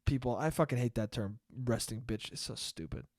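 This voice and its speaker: A man's voice: medium pitch, brisk, darkish tone, no room sound, clean studio sound. A young man hosting a solo podcast, telling a rambling, profane, self-deprecating story in a casual monologue. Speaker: podcast host.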